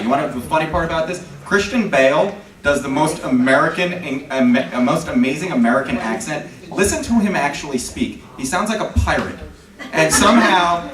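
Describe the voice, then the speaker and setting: A man's voice: on the high side, a bit bright, far from the mic. A male comedian on a stand-up panel, rambling and profane. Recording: roomy live club from afar. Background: laughing crowd.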